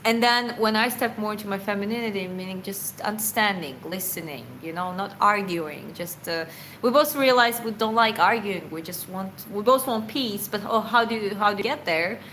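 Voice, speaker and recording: Woman boxer, casual livestream Q&A: earnest, rambling and self-correcting, quick to laugh, mid pitch, faint rumble behind. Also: a bit bright, rough recording. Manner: earnest, reflective. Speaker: boxer answering viewer questions.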